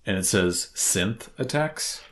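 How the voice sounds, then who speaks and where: A man with a Boston accent talks casually on a podcast in a low, deep voice. He is excitable and rambling, restarting his sentences as he goes. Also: takes it slowly. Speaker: podcast co-host. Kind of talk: casual chat.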